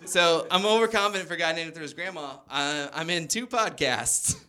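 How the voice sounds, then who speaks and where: A man in his thirties doing stand-up, telling self-deprecating stories with animated delivery. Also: fairly high pitch, brisk, smooth. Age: 30s. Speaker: stand-up comedian. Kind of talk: stand-up comedy set.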